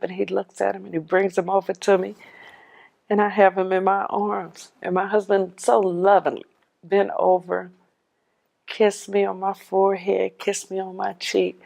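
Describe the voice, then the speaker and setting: A woman telling her own life story as a personal testimony, animated and laughing often, dropping her voice when she quotes others. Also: mid-range voice, gravelly.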